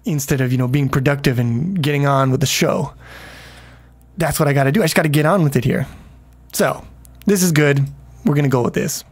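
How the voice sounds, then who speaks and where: A man with a slightly high voice talks fairly quickly, pausing often, as he casually comments on his game during a livestream. He rambles, swears freely and chats with his viewers.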